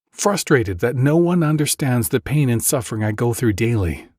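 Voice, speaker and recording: A man's voice: medium pitch, a little mellow, dry recording, studio quality. A man in his forties telling a dramatic first-person story in a scripted ad narration. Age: 40s.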